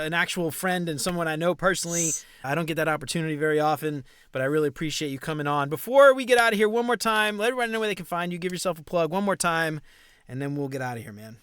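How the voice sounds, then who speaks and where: Brief: quick, slangy young male podcast host, a touch high, dry close sound. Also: clean tone, no room sound. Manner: excitable, slangy, says dude a lot. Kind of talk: casual interview chat.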